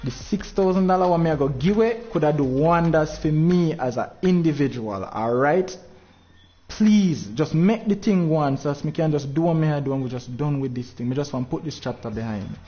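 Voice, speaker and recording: A Jamaican man with a voice pitched a little high runs a game tournament stream. He rants in thick patois, frustrated and preachy. The sound is dull and lo-fi with faint music underneath. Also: fairly quick, mellow. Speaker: livestream tournament host. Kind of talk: livestream talk to viewers.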